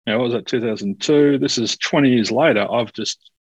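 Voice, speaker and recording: A man's voice: medium pitch, a little fast, breathy edge, no echo, dull audio. A man hosting a casual podcast chat, rambling and reflective as he tells anecdotes.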